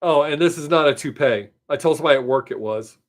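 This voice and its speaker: A man's voice: on the high side, quick pace. A man hosting his own live stream, chatting with viewers in a rambling, joking, self-mocking way.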